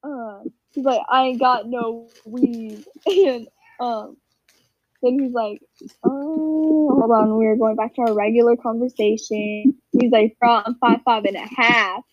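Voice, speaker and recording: A teenage girl with a high voice tells a story to her friends and acts out the quoted lines with energy. The audio is dry and a bit dull, like a headset on a voice call. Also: a little slow, no echo. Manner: animated, acts out quotes, frequent laughs. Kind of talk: casual group chat storytelling.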